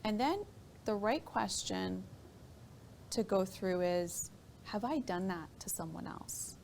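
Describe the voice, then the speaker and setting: A woman guest on a radio talk show, explaining her ideas thoughtfully and pausing to find her words. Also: medium pitch, lively intonation, gravelly, darkish tone, slight background noise. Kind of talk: reflective talk radio discussion.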